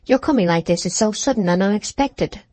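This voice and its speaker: A man's voice: high voice, animated, fairly quick, darkish tone, no echo. A woman voicing an evasive young male soldier in an audiobook, with a cool, offhand manner. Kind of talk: audiobook character reading.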